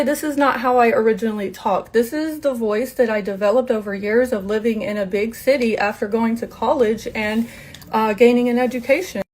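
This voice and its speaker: A woman from North Carolina with a Southern accent, telling a blunt, profane storytime to her viewers. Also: fairly high pitch. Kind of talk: casual storytime monologue.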